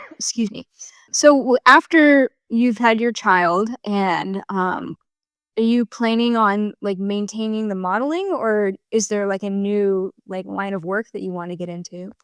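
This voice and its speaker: A woman hosting a casual podcast interview, friendly and quick to react to her guest. Her voice is smooth and clean at a middle pitch. It is recorded dry, with no room echo. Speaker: podcast host.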